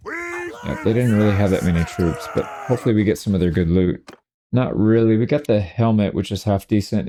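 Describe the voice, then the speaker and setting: A man with a low, mellow voice talks through his own gameplay in a laid-back, wry way. He gives casual let's-play commentary and reacts dryly as things go wrong. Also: a little hiss or hum.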